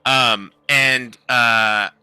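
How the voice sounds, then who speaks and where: A man runs a tabletop game, narrating loosely with plenty of "like" and "um." His voice has a bright, sharp edge. The sound is close and dry. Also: medium pitch, fairly even intonation, very slow, clean tone, no echo. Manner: loose, filler-heavy narration. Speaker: game master.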